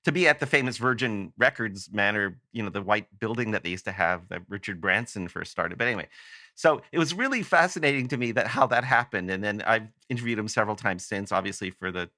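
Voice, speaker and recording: A man's voice: on the low side, lively intonation, quick pace, bright, forceful tone, no room sound, clean studio sound. A man from Canada, a guest on a podcast, telling a long rambling anecdote that is full of self-corrections. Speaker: guest author. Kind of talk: casual podcast storytelling.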